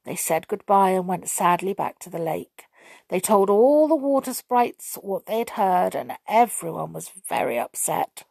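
A woman reading a children's fairy story aloud in a gentle, expressive storybook manner. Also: medium pitch, a little slow, gravelly, dry recording.

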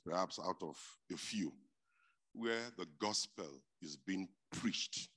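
A man with a low, deep voice preaching a sermon. His tone is bright and forceful. He repeats his key points for emphasis and swings between hushed stretches and loud, driving ones. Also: slow pace.

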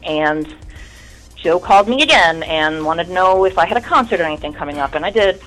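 A woman's voice: on the low side, animated, fairly quick, a bit bright, soft background music, poor audio. A woman in her thirties, a guest in an interview, telling her story in a candid, rambling way and swearing often.

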